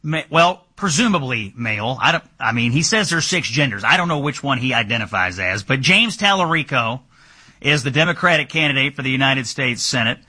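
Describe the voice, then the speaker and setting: A man hosting a political talk show, asking pointed questions in an animated way. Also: mid-range voice, brisk, breathy edge. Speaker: host.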